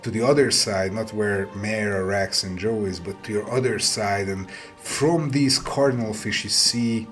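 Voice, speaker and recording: Slow, low-voiced male game master. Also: soft background music, low-quality recording. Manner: halting, repeats words, vivid description. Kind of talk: narrating a tabletop game.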